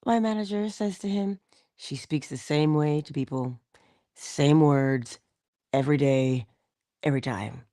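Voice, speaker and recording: Middle-aged lady, low voice, whispers her key words, laughs a lot, dry close sound. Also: measured pace, dark tone, no echo. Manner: drops into whispers for emphasis, laughs often. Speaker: host of a morning inspiration show. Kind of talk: casual inspirational talk with a story.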